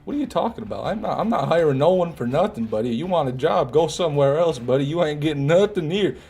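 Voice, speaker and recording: A man putting on a gruff boss voice, brusque and dismissive. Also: a little high, lively intonation, fast talker, a little mellow, pitched above the performer's own voice, full character voice. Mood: scornful.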